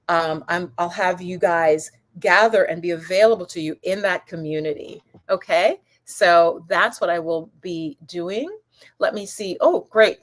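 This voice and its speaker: A woman hosting a holistic wellness channel, chatting casually on a live stream, answering comments and calling viewers goddess and my love. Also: lowish voice. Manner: rambling, with many restarts and asides.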